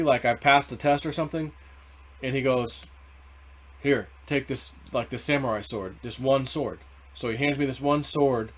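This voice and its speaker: A man's voice: mid-range voice, a bit bright. A man hosting a casual crypto video, rambling through a dream story with many restarts. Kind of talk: casual monologue.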